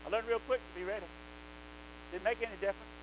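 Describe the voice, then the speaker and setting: A male preacher from the South, delivering a fervent, emphatic sermon that rises into loud exhortation. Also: sits high, steady tone, fast talker, a little hiss or hum, rough recording. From American South.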